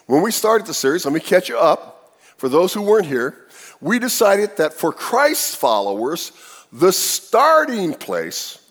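A man preaching a sermon as pastor, talking in an animated way with many rhetorical questions. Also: a little high. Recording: reverberant hall.

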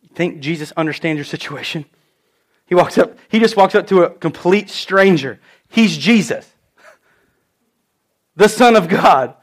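Male pastor, high-pitched voice, earnest conversational sermon delivery. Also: lively intonation, unhurried, pauses often. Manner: earnest, conversational preaching with personal stories. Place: church.

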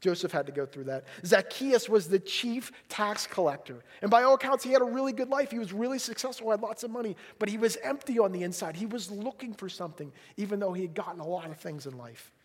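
High-voiced man preaching animatedly. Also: quick pace, few pauses, slightly rough. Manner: animated, swings between loud emphasis and hushed quiet lines; conversational, asks the audience questions. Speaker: pastor. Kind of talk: sermon.

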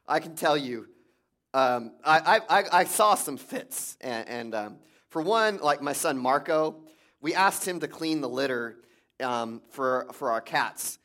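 A man's voice: mid-range voice, expressive, a little slow, a bit bright. A man, a pastor, giving a sermon in a conversational storytelling way with restarts.

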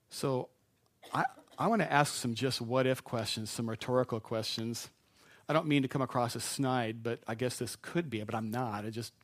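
Male preacher, conversational sermon, joking asides, mid-pitched voice. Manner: conversational, with asides and self-deprecating jokes. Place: church with a live congregation.

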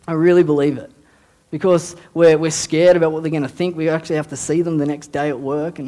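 A man preaching to his church in an easy, conversational way. His voice sits a little high, and he often repeats words and restarts phrases as he builds each point. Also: little pitch movement, fast, mellow. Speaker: youth pastor. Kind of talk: casual sermon.

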